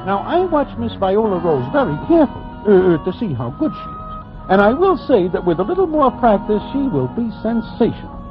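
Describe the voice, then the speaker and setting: A man's voice: sits high, big pitch swings, moderate pace, dull audio, over loud music. An actor playing a mild, folksy Broadway man-about-town who narrates an old radio drama. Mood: narrating. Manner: folksy, mild, formal phrasing. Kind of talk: 1940s radio acting.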